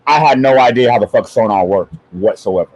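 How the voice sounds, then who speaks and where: A man hosting a podcast in casual chat, animated and rambling, laughing often as he tells stories. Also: fairly low pitch, brisk, low-quality recording. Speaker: podcast host.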